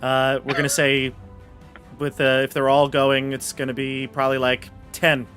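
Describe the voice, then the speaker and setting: A man running a tabletop game as game master, narrating the scene in a relaxed way and often restarting his sentences. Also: mid-range voice, moderate pace, soft background music.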